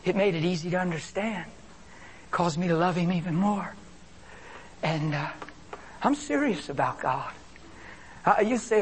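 A man preaching a sermon with animated delivery, swinging between loud exclamations and hushed asides. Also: high-pitched, a little slow, a little hiss or hum.

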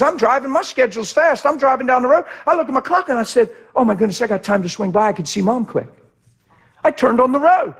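A man preaching a sermon with passion, moving between shouted lines and quiet, reflective ones. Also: very high-pitched, breathy edge. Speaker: pastor.

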